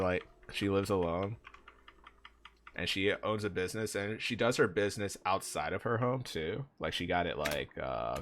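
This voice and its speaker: Young guy streaming games, kinda low voice, rambly w lots of "like"s, chatting to viewers. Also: a bit bright, slight background noise. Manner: rambling, filler-heavy, talks to chat. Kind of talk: casual live-stream chat while gaming.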